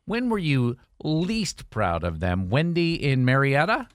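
A man hosting a morning radio show, taking calls and cracking quick jokes. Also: mid-range voice, very animated, dry recording. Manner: joking, quick quips. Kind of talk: casual radio chat.

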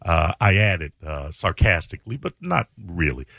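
A man's voice: sits low, big pitch swings, moderate pace, gravelly, a bit bright, no echo. A man hosting a radio show, telling a story with sarcasm and reading out tweets in mocking voices. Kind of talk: casual talk-radio storytelling.

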